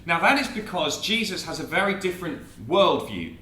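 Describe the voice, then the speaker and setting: A man giving an evangelistic talk to a student audience, lively and theatrical as he acts out quotes. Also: fairly high pitch, moderate pace, echoey room, recorded from a distance. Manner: animated, theatrical, acts out quotes and a comic poem. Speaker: speaker at a student Christian meeting.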